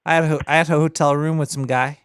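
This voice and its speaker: A man hosting a call-in comedy show, bantering loosely with a caller in a joking, deadpan way. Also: fairly high pitch, quick pace, clean tone, no room sound, studio quality. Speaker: radio show host taking calls.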